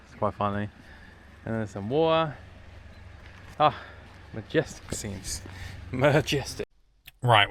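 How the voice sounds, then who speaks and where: A man's voice: fairly low pitch, pushed and bright, slight background noise. A young man vlogging outdoors as he walks around hilltop villages, chatting casually with rambling, jokey asides. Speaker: travel vlogger. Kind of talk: casual travel vlog narration.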